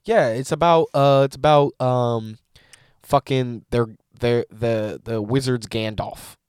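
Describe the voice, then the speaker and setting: A man co-hosting a comedy podcast in casual chat, ranting in an animated, profane way. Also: mid-range voice, takes it slowly, smooth, no room sound, clean studio sound.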